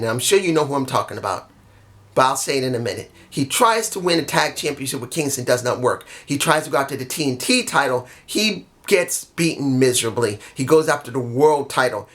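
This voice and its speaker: Higher-voiced man telling a story casually. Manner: animated, jumps into quoted voices. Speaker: vlogger.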